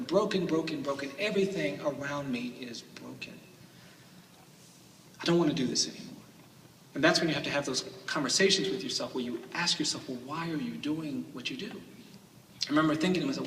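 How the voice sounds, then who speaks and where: A man's voice: on the high side, slight background noise. A man giving an earnest storytelling speech as a lawyer at a summit. He repeats phrases and builds them into emphatic cadences. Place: large hall at a summit. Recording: echoey hall from a distant mic.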